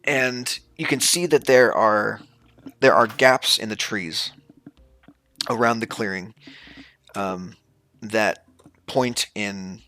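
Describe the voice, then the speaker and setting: Gravelly game master man, bright voice. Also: lowish voice. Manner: gravelly, laughs easily, halting restarts. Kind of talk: narrating a tabletop game.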